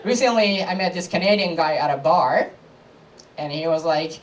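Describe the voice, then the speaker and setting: A man from Japan with a Japanese accent, a native Japanese speaker performing a stand-up comedy set on a live club stage, landing deadpan punchlines with laughing asides. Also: fairly high pitch, moderate pace, distant mic, a little hiss or hum, rough recording.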